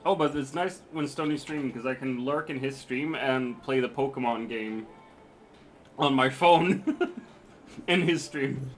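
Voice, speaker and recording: A man's voice: medium pitch, unhurried, faint music behind. A man streaming a game, chatting casually, joking, swearing and laughing easily with friends. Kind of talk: casual chat while gaming on stream.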